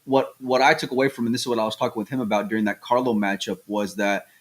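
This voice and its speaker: A man co-hosting a pool podcast in casual chat, excitable and telling stories with many restarts. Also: fairly low pitch, fast. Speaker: podcast co-host.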